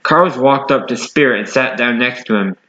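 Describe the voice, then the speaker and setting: A man reads a homemade animal story aloud in a plain manner, fixing his own slips as he goes. His voice is bright and sits at a middle pitch. The recording sounds dull and lo-fi. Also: brisk, reverberant. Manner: plain reading with self-corrections. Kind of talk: reading an original story.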